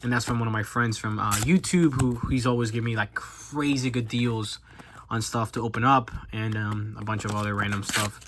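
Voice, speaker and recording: Rambling young man with a bright voice. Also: on the low side, fairly even intonation, moderate pace, a little hiss or hum. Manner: rambling, self-deprecating, many fillers and restarts. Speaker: YouTuber. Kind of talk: casual chat while opening cards.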